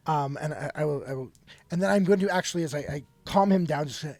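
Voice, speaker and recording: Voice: medium pitch, quick pace, a little mellow. A player in a tabletop role-playing game, talking in a hesitant, stop-start way. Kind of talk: casual tabletop play.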